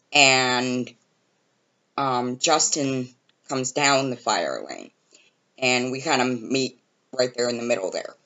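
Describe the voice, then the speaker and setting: A woman telling a casual storytime about a high school memory in an animated, exasperated way. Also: muffled recording.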